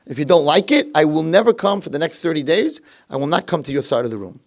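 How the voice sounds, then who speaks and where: A man's voice: on the high side, lively intonation, quick pace, pitched above the performer's own voice. A man voicing a kind, upbeat old man in a wheelchair who talks with coaxing enthusiasm. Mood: eager.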